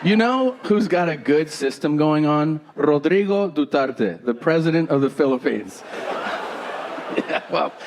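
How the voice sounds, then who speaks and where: A man doing a stand-up comedy set on stage, telling stories in a deadpan way and acting out both sides of the dialogue. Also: a little high, measured pace. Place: theater stage before a live audience. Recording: live show with crowd noise. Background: audience laughter.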